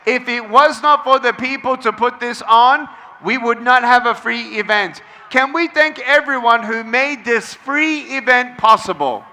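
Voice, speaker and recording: His voice very high-pitched, pushed and bright, a motivational speaker moves at a measured pace with hardly any pauses. Before a large outdoor crowd, he stresses phrases and repeats them so people echo him in call-and-response.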